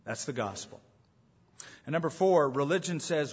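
A man's voice: a little high, expressive, moderate pace, slightly rough. A man preaching a sermon as pastor, emphatic, repeating his main points and asking rhetorical questions, on a dull lo-fi recording.

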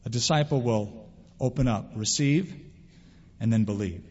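A male pastor preaching a sermon in an animated way, acting out quoted voices. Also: medium pitch, moderate pace, breathy edge. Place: church sanctuary. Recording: dull lo-fi sound with long hall reverb.

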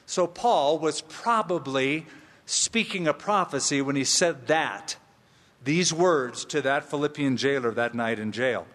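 A man preaching an expository sermon, emphatic and slow, with playful asides. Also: fairly high pitch, a bit bright, long reverb tail. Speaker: pastor.

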